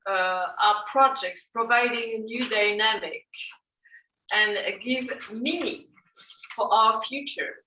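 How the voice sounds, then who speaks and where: Tired-voiced woman, slow and far-miked. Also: a little high, pushed and bright. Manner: slow, halting, many fillers and restarts. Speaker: event moderator. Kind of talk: closing remarks at an online panel. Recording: echoey room, far from mic.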